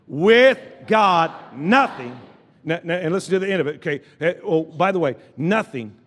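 High-voiced preacher in reverberant church. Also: male voice, quick pace. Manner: call-and-response preaching, repeats phrases, many restarts. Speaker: pastor. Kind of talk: sermon. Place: church sanctuary with congregation.

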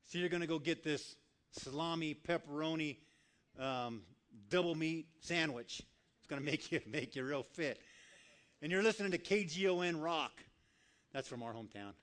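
A man preaching as a guest speaker, telling stories and acting out the voices of the people in them, dropping to a soft voice for quiet lines. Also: fairly high pitch, moderate pace. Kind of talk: sermon storytelling.

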